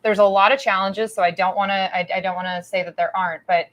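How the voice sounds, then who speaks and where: A woman's voice: mid-range voice, steady tone, fast, fairly bright tone. A woman hosting an author interview at a live event, effusive and affirming, with many fillers. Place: event room with an audience.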